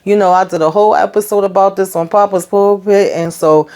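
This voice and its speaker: A woman's voice: medium pitch, steady tone, a little fast, darkish tone. A woman casually recapping a TV episode in a chatty, colloquial way, often breaking into laughter. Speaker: TV show reviewer.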